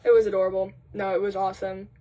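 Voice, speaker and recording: A young woman chats to her camera at home, rambling through her day with fillers and dramatic sighs. Her voice sits at a middling pitch, and she jumps higher when she imitates friends. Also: flat delivery, racing, warm tone, slight background noise. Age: young adult. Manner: quotes friends in a raised voice. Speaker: college vlogger. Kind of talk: casual chat to camera. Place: indoors at home, doing laundry.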